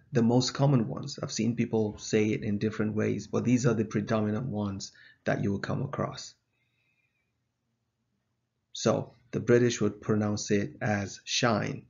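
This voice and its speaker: A man teaching a video lesson, explaining in a measured way with an occasional filler, on a dull lo-fi recording. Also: fairly low pitch, creaky, darkish tone, husky. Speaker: math teacher.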